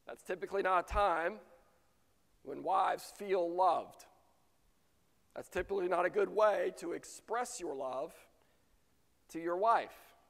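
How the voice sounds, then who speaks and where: Gravelly high-voiced pastor in echoing church. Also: male voice, slow, long pauses. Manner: preaching with sharp swings between loud rhetorical questions and near-whispered lines. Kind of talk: sermon. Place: church sanctuary. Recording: long reverb of a church sanctuary.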